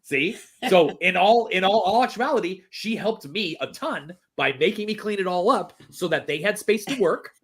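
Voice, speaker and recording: A man's voice: high-pitched, animated, normal speed, few pauses, a bit bright, breathy edge. A man chatting casually as a podcast guest, rambling with many restarts and fillers. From Texas. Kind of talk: casual chat.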